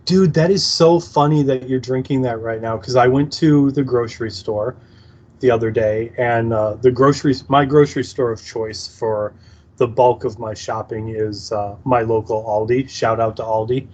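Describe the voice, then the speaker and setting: A male podcast co-host teases his partner in a wry, easygoing way. His mid-pitched voice comes through slightly dull and lo-fi. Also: normal speed, a little mellow. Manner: wry, teasing and laughing. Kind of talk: casual podcast chat.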